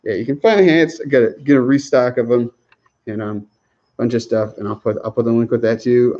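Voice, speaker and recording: A man's voice: medium pitch, brisk, dull audio. A man chatting casually on a livestream Q&A, rambling, chuckling often and restarting his sentences. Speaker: livestream host answering viewer questions.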